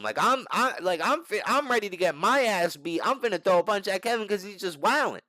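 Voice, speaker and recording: A man's voice: high voice, expressive, fairly quick, bright, forceful tone, no echo. A young man telling a story to the camera in a casual, slangy and profane way, restarting his sentences often. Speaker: channel host.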